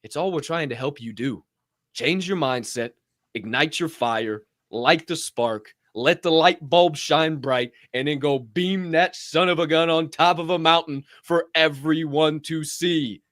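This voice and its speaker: A man's voice: a little high, unhurried. A male podcast host giving a profane, swaggering motivational talk, acting out little scenes as he goes. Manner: animated, swaggering, profane, acts out little scenes in other voices.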